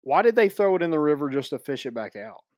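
A man, co-hosting a casual talk show, asking relaxed questions and adding easygoing asides. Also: on the high side, fast, no room sound, clean studio sound. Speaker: podcast co-host. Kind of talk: casual chat.

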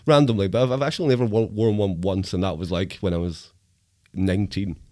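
Podcast co-host, thirties, self-mocking banter, dry close sound. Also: male voice, sits low, fairly even intonation, fast talker, mellow, dry recording. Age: 30s. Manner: laughs often, jokey and self-mocking. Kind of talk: casual chat.

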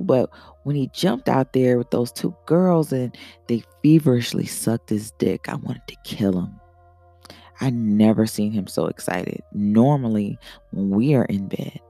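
A woman's voice: very deep voice, creaky, mellow, no echo, exaggerated voice. A man voicing a hurt, anxious young wife in an adult story. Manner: anxious, pleading.

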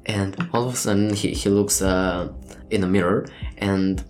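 A man's voice: low voice, fairly even intonation, moderate pace, a little mellow. A man narrating as game master, rambling with many hesitations, swearing freely and laughing often.

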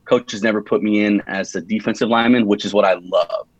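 A man's voice: on the low side, steady tone, brisk. A young man from California in his twenties, chatting as an interview guest, rambling with many restarts and fillers. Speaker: podcast guest. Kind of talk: casual interview chat. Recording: dull lo-fi sound.

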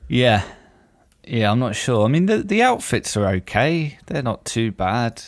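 A man's voice: mid-range voice, very animated, unhurried, no echo. A man hosting a podcast in casual chat, with dry, self-deprecating humor. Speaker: podcast host.

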